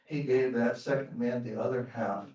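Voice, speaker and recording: A man telling a folktale live on a theater stage, lively and questioning the audience. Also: medium pitch, moderate pace. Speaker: storyteller. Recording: roomy theater sound from far off.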